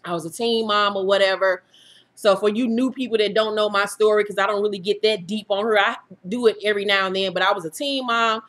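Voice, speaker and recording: A woman in her thirties with a bright, forceful voice, speaking straight to her viewers as a YouTube host. She talks frankly and swears freely, and she laughs through the hard parts of her story. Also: medium pitch, fairly even intonation, a little fast. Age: 30s. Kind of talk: candid personal storytelling to viewers.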